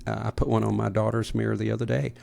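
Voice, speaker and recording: A man's voice: on the low side, flat delivery, quick pace, gravelly, dark tone. A middle-aged man co-hosting a podcast, telling stories in a sarcastic, casual way. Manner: sarcastic, storytelling. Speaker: podcast co-host. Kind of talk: casual conversation.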